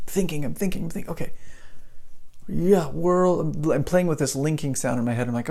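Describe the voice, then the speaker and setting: Man, English teacher, chatty live pronunciation lesson, animated, greets viewers by name. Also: fairly high pitch, fairly quick, gravelly. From United States.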